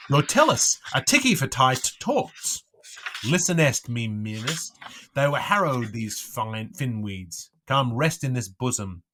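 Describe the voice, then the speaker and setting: A man giving an unrehearsed, expressive reading of dense literary prose, with a lilting delivery and occasional stumbles over words. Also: mid-range voice. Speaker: reader.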